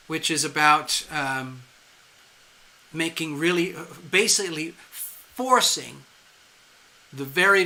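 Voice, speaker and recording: Bright-voiced man giving a live tarot reading. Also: fairly high pitch. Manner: rambling and animated, with frequent restarts and chuckles. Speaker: tarot reader hosting a live stream.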